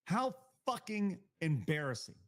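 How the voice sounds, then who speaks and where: A man's voice: high voice, sing-song, a little slow, a bit bright. A male live stream host giving blunt, profane, heated reaction commentary.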